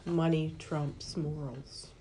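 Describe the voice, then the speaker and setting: A woman's voice: low voice, level tone, slow, a loud crowd. A woman co-hosting a casual film podcast, blunt and opinionated in her views. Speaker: podcast co-host. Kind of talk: casual chat about a film.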